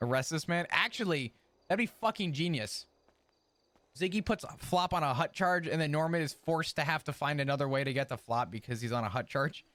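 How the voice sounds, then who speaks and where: A man's voice: on the high side, a little fast, fairly bright tone, no room sound. A man streaming a roleplay game in character, chatting in a profane, ranting way and laughing often. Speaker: streamer role-playing his character.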